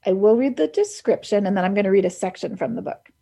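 A woman's voice: mid-range voice, animated, fast, gravelly, dark tone, husky. A woman hosting a radio show, chatting casually and enthusiastically about books and laughing easily. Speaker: radio host. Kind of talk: casual book chat on radio.

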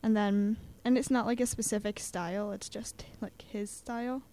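A woman's voice: medium pitch, fairly even intonation, normal speed, dark tone. A young woman chatting casually as a student guest, with lots of fillers, acting out little quotes as she talks. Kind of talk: casual chat about poetry.

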